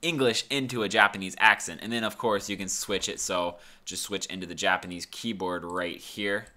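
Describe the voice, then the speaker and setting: A man hosting a casual screen-recorded software tutorial, talking in a laid-back, rambling way with lots of fillers. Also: sits low, fairly even intonation, moderate pace. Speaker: tutorial host.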